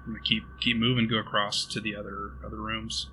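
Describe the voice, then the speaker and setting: A man plays his character at a tabletop game in a steady, matter-of-fact voice. His voice is very bright and sits fairly low, with faint background noise. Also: fast, rough recording. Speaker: player. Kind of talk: casual tabletop role-play.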